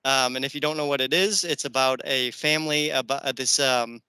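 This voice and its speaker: A man's voice: medium pitch, brisk, sharp tone, clear, resonant tone, no room sound, low-quality recording. A man hosting a podcast, chatting casually and enthusiastically about movies with plenty of fillers. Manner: enthusiastic, rambling with many fillers. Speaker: podcast host.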